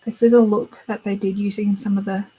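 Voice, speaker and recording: A young woman with a slightly husky voice chats about new beauty releases. She gushes and thinks out loud as she browses, and her voice sits at an everyday middle pitch. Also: little pitch movement, fairly quick, low-quality recording. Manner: chatty, gushing, thinks aloud while browsing. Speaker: beauty channel host. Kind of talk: casual chat.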